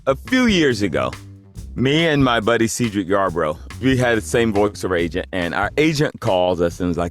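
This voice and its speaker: A man, a voice actor, telling a casual anecdote in a lively way and acting out the people he quotes. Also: low voice, brisk, faint music behind. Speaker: voice actor guest.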